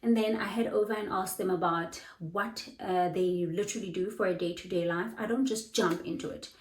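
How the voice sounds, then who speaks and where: A woman's voice: fairly low pitch, brisk, roomy sound, rough recording. A young woman, a bubbly online English tutor giving casual teaching advice and acting out little dialogues. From South Africa. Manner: bubbly, lively, acts out dialogues.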